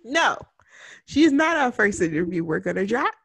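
A woman's voice: medium pitch, very animated, moderate pace, a bit bright, slightly rough, no room sound. A woman co-hosting a casual podcast, chatty and giggly, rambling between topics. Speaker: podcast co-host.

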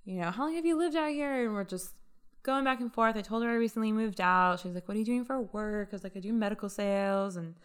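A woman casually telling a story on a podcast, chatty and animated, acting out what others said. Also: medium pitch, fast, smooth. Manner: chatty, animated retelling with quoted dialogue. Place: lives in Las Vegas.

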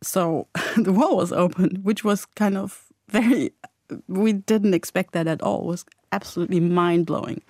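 A woman's voice: mid-range voice, normal speed, a little mellow, no room sound. A middle-aged woman tells her story as an interview guest. She speaks with emotion and energy, often restarting her sentences. The recording is close and dry, with no room sound. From Germany. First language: German. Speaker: eyewitness guest. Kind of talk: recollection interview.

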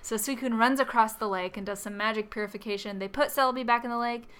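A woman's voice: fairly high pitch, fast talker, fairly bright tone, smooth. A woman co-hosting a podcast, recapping a film's plot in casual chat, with fillers, laughs and acted-out quotes. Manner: chatty, lots of fillers and laughter, acts out quoted lines. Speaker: podcast co-host.

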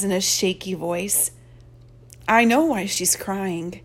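A woman narrating an audiobook chapter in first person, with an expressive, excited reading. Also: mid-range voice, takes it slowly.

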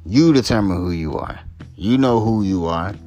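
Deep-voiced man ranting with profanity. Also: animated, normal speed, mellow, muffled recording, soft background music. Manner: heated, profane and emphatic, repeating points. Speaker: podcast host. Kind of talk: solo commentary rant.

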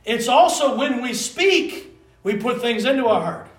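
A man preaching a conversational sermon to a small group. He talks in an animated, rambling way and keeps asking the listeners for answers. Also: extremely high pitch, unhurried. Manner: animated, rambling, calls for responses. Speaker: pastor. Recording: roomy room, voice from a distance.

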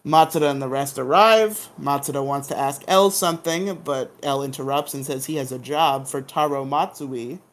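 With a medium-pitched voice at normal speed and few pauses, this co-host gives a light, playful drama episode recap. Laughter and hummed dramatic sound effects run through it.

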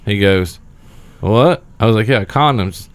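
Male co-host, lower pitch; relaxed, slangy, giggly anecdote teller in casual chat. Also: a little slow, clean tone. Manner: laid-back, giggly storyteller who drops slang. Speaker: podcast co-host.

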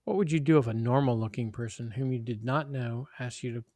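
A man's voice: medium pitch, fairly quick, a little mellow, dry recording, close to an everyday voice. A man voicing an earnest neighborhood mother teaching children in a read-aloud story. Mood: teacherly.

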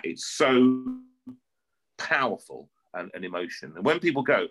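Over faint background music on a low-quality recording, a middle-aged North London man, an opera singer, unhurriedly tells stories during a relaxed interview. He speaks in a mid-range voice with a North London accent, animated and prone to repeating words.

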